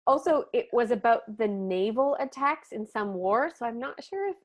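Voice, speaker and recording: A woman's voice: a little high, animated, normal speed. A woman comedian as a podcast guest, talking in a dry, playful, teasing way. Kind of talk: casual interview chat.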